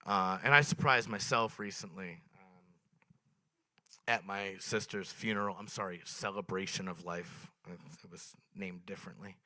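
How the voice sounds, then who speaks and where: A young man performing a stand-up comedy set at a small open mic, telling dark stories in a deadpan, swearing way. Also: low voice, normal speed, no room sound.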